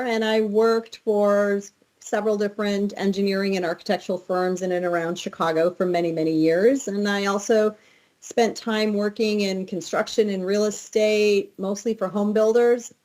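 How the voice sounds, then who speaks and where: A woman's voice: mid-range voice, a little mellow. Matter-of-fact woman guest. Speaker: podcast guest, technical manager. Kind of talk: casual interview answers.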